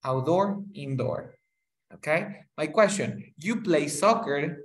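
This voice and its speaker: A man teaching a one-on-one lesson, patiently saying each word slowly and repeating it. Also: fairly high pitch, lively intonation. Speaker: English tutor.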